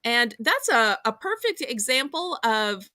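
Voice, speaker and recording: Upbeat southern host reading out the chat, high lively voice. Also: female voice, measured pace, no room sound. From American South. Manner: upbeat, reads out chat messages. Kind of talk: live-stream chat, reading viewer comments.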